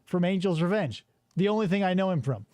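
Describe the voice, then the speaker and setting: Lively, animated man riffing on a podcast. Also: sits high, fast talker, no room sound, clean studio sound. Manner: animated, riffing, swears freely. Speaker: podcast host. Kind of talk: casual chat.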